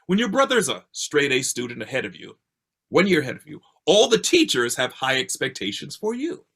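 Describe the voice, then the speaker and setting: An older man from Baltimore telling a personal story with a theatrical, expressive delivery, heard over a video call. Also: a little fast, slightly rough. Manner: expressive, theatrical delivery with swings in pitch and pace.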